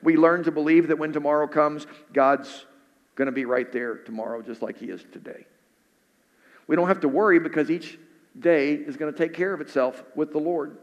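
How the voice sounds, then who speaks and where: A male pastor giving a sermon in an earnest preaching style, then praying softly and low. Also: normal speed, muffled recording. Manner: earnest preaching, drops soft and low in prayer. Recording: hall reverb.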